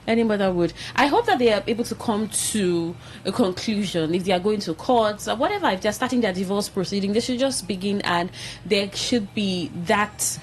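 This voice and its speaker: A woman's voice: medium pitch, expressive, normal speed, a little hiss or hum, rough recording. A woman hosting an entertainment segment in a radio studio, chatting and reading items aloud with asides. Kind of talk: casual studio chat.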